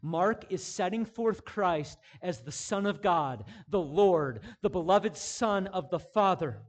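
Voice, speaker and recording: A male pastor preaching a sermon, moving between hushed, intimate passages and loud, emphatic declarations, repeating phrases for emphasis. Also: high-pitched, expressive, takes it slowly, hardly any pauses.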